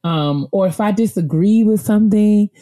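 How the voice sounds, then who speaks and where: A woman's voice: medium pitch, normal speed, mellow. A woman co-hosting a book club chat, talking casually, laughing often and repeating herself when she gets worked up.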